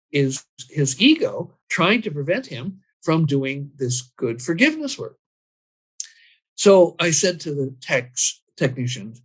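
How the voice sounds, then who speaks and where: A man's voice: a little high, very animated, a little slow, husky. A man explaining his training method and telling a story about a client, acting out his own lines as he goes.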